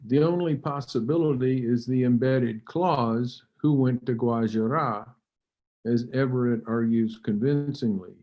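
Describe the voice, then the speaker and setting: A man giving an academic lecture, measured and halting, with fillers and occasional throat clearing. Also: medium pitch. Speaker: linguistics lecturer. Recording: dull lo-fi recording.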